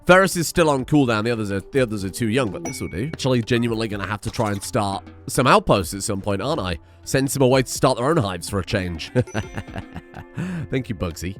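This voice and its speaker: A young man giving excitable, chatty let's play commentary and swearing freely. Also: on the low side, fast talker, few pauses, faint music behind. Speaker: gaming streamer.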